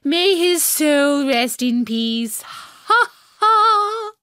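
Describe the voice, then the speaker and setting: A haughty queen drawls her orders in a bored, spiteful voice, performed by a woman reading a storybook. She speaks slowly, with a mocking, cruel edge. The sound is dry and close. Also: high-pitched, big pitch swings, sharp tone, no room sound, pitched above the performer's own voice, exaggerated voice.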